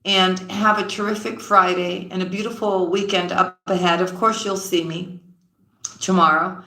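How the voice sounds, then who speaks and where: A woman reading tarot on a live stream, casually greeting viewers by name and calling them sweetheart and sis, often dropping low and quiet mid-sentence. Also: flat delivery, normal speed, reverberant.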